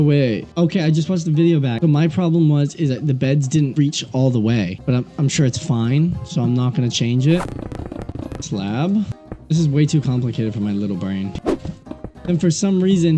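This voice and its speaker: A young man giving casual gameplay commentary as a video creator, goofy and self-mocking, with sudden high-pitched outbursts. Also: dark tone. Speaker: gaming YouTuber. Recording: music playing behind.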